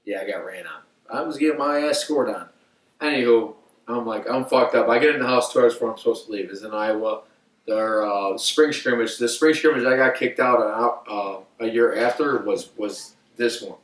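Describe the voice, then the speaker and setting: A man's voice: lowish voice, normal speed, far from the mic. A young man telling a long story on a podcast, rambling with lots of swearing and filler words. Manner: rambling, profane, full of "like" fillers. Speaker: podcast co-host. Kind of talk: casual storytelling. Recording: echoey room, off mic.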